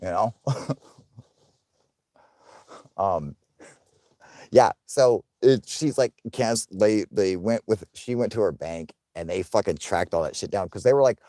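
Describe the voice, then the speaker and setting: A young man hosting a casual livestream, swearing often, laughing, and loudly thanking viewers for donations. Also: deep voice, animated, measured pace, pauses often, no room sound, clean studio sound. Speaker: livestream host.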